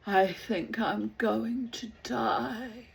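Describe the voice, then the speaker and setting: A woman's voice: sits high, big pitch swings, takes it slowly, pitched above the performer's own voice, heavily acted. A woman voicing a fussy, sick man in a comic poem who talks in a prim, patient way. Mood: feeble. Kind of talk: comic poem read aloud.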